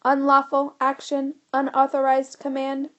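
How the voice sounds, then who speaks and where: Pompous storybook computer, high and metallic-sounding, indignant, voiced by a woman narrator. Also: monotone, measured pace, a bit bright, muffled recording. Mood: alarmed. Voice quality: mechanical, snooty. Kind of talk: audiobook character voice.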